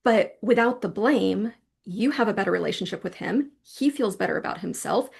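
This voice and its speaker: A woman hosting a podcast interview, asking questions and summing up in a calm, affirming way. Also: medium pitch, moderate pace, gravelly, husky. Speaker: podcast host.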